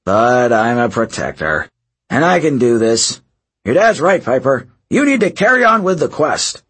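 A man putting on a gruff, stubborn satyr coach in an audiobook, pushing his voice up high and loud. The tone stays husky and defiant. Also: big pitch swings, a little slow, full character voice.

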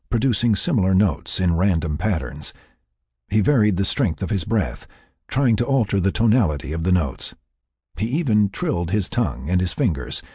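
Male audiobook narrator, deep and husky, dry close sound. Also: no echo. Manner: expressive storytelling reader. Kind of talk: scripted narration.

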